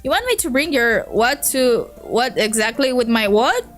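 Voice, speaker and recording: A woman with a Brazilian Portuguese accent voicing an overly polite, formal male gentleman who talks at length, reading from a webcomic. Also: on the high side, very animated, normal speed, soft background music. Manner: prim, courteous, long-winded.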